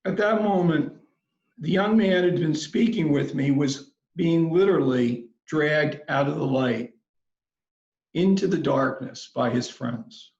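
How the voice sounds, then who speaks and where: Slow, gravelly man giving a commencement address. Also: a little high, a little mellow. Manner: slow, measured, reflective storytelling. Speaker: commencement speaker. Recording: roomy, slightly dull recording.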